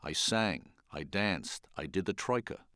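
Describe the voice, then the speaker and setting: Animated older man telling wry stories. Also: low-pitched, unhurried, dry recording, clean studio sound. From the Bronx, New York. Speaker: children's book illustrator. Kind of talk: storytelling talk.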